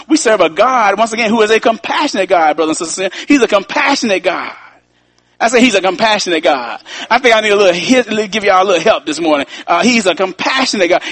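Husky-voiced man preaching a sermon. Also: high voice, a bit bright, dry recording. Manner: conversational preaching with repetition and asides to the congregation.

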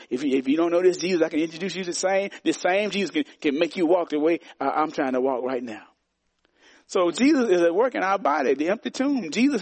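A man's voice: fairly high pitch, a little mellow, no room sound. A man preaching a sermon as pastor, emphatic and repetitive, calling on the congregation to answer back.

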